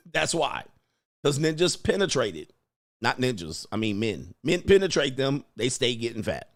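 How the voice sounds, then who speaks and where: A man hosting a livestream, reacting in casual commentary with drawn-out exclamations and chuckles. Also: mid-range voice, big pitch swings, dry recording. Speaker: livestream host.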